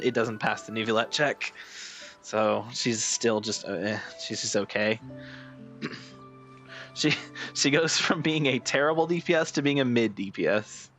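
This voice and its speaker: A man streaming and chatting casually with his live chat, rambling with lots of fillers and restarts, and getting excited when amused. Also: medium pitch.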